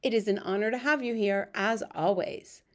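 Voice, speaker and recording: A woman's voice: mid-range voice, normal speed, natural voice. A woman reading the lines of a courteous village headmistress. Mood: polite. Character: polite middle-aged village headmistress.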